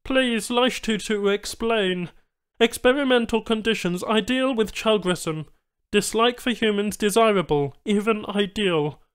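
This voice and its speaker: Alien trader, male, halting broken speech, voiced by a male narrator, raised pitch, smooth tone. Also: fairly bright tone. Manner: clipped broken phrasing, formal apologies.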